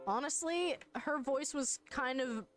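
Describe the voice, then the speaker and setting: A woman's voice: high voice, a little slow, fairly bright tone. Chatty self-mocking woman streamer. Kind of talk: casual let's play commentary. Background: game music.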